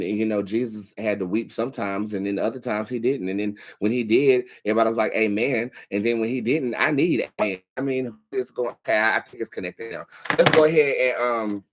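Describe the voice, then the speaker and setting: A man's voice: fairly low pitch, a little fast. A young man hosting a tarot livestream, chatting casually with viewers in a candid, profane way.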